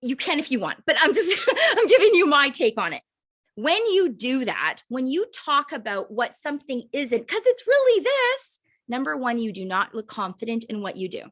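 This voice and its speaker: A woman's voice: sits high, sing-song, moderate pace, fairly bright tone. Fired-up woman coaching on a call. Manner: fired-up, chatty, many "like" fillers, emphatic repeats. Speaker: direct sales team leader training recruits. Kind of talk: casual training talk on a video call.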